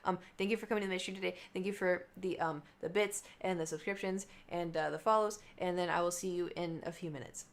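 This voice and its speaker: A woman's voice: lowish voice, fairly even intonation, a little fast, hardly any pauses. A young adult woman livestreaming, chatting casually and rambling between topics with her viewers. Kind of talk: casual chat to stream viewers.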